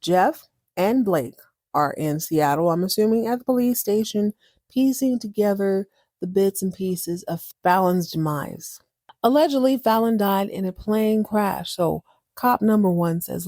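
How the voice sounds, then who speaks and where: Podcast host, woman, sassy recapper, mellow tone, dry close mic. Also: medium pitch, measured pace, dry recording. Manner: animated, sassy, breaks into exaggerated voices. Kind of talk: casual recap commentary.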